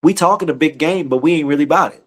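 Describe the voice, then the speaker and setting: Male teacher, fairly high voice, relaxed sermon delivery, conversational and slangy. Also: very fast. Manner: conversational and slangy, often repeating words. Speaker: teacher leading a scripture study. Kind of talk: casual sermon on a livestream.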